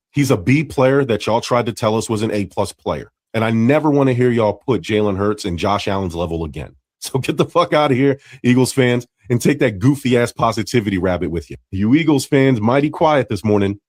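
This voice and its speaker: A man's voice: mid-range voice, lively intonation, moderate pace, hardly any pauses, a little mellow, no room sound, studio quality. Blunt, mocking man ranting about sports. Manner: blunt, mocking, profane trash talk. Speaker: sports commentator in a played clip. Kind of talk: sports opinion rant.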